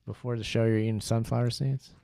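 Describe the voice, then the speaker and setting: A man's voice: mid-range voice, level tone, fast talker, vocal fry, warm tone. A man co-hosting a casual live-stream podcast, rambling and correcting himself as he plugs the show's channels. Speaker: podcast co-host.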